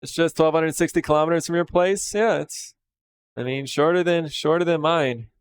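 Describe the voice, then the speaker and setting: A man in his thirties chatting casually on a live stream, relaxed and rambling as he talks with viewers while working. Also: on the high side, normal speed. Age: 30s.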